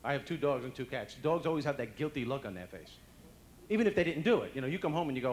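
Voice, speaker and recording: A man's voice: medium pitch, expressive, very fast. A man with a Brooklyn accent doing live stand-up comedy, brash and chatty, talking straight to the audience. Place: banquet hall at a dinner event. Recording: echoey banquet hall with faint room noise.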